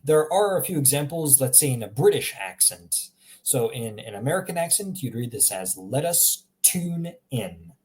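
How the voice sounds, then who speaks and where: A man giving a casual spoken language lesson, explaining sounds with self-aware humor and repeating them slowly to demonstrate. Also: medium pitch, big pitch swings, a little mellow. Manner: chatty, self-aware explaining with little laughs. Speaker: language teacher.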